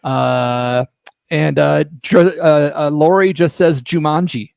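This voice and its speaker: A man's voice: fairly high pitch, takes it slowly, creaky, a little mellow, clear, resonant tone, no room sound. Man with a dry, close podcast sound. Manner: reads out guesses with many fillers. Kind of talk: casual chat.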